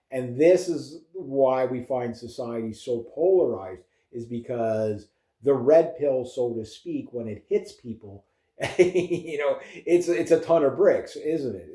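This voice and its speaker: A young man telling stories and musing in a rambling, animated casual monologue as a vlogger. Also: mid-range voice, echoey room. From Canada. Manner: rambling, animated storytelling with laughs.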